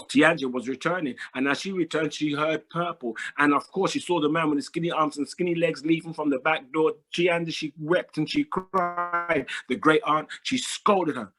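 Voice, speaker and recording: Male oral storyteller; slightly high, rhythmic, dramatic repetition. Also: moderate pace, few pauses, fairly bright tone. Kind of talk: oral folk-tale telling to an audience.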